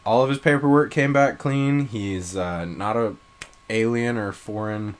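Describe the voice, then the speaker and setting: A man co-hosting a casual comedy podcast, telling absurd crude stories in a deadpan way. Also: on the low side, measured pace, slight background noise. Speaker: podcast co-host.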